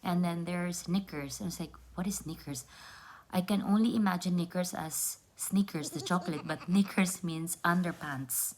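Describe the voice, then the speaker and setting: A woman's voice: lowish voice, moderate pace, hardly any pauses. A young woman from the Philippines, talking earnestly to her viewers in a casual vlog and often repeating words as she explains. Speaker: vlogger.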